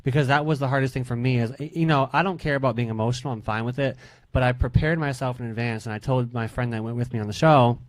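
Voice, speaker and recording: A man's voice: mid-range voice, fairly even intonation, fast talker, few pauses, no room sound. A man hosting a radio interview show, chatting casually with guests and asking follow-up questions.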